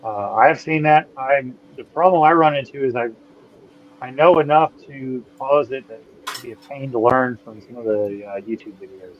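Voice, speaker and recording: A man's voice: mid-range voice, moderate pace, a little hiss or hum. A man chatting on a livestream, hesitant and full of fillers. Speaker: guest. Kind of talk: casual livestream chat. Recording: muffled mic.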